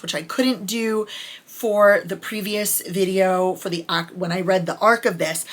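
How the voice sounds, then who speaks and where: A woman's voice: fairly low pitch, a bit bright. A woman chatting casually as a book reviewer, candid and enthusiastic about her favorite lines.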